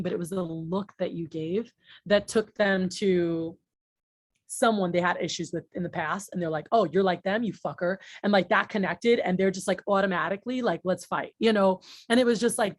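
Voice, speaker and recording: A woman's voice: medium pitch, no echo, studio quality. A woman in her late thirties giving a workshop talk to a group, chatty and blunt, full of "like" and swearing. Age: 30s. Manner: chatty, lots of "like", blunt and profane. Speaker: workshop trainer.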